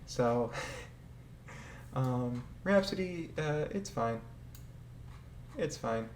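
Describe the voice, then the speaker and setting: A man's voice: mid-range voice, expressive, very slow, darkish tone. A man casually ranking game vehicles, rambling and hesitant, swearing now and then and laughing often. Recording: echoey room with faint ambient noise.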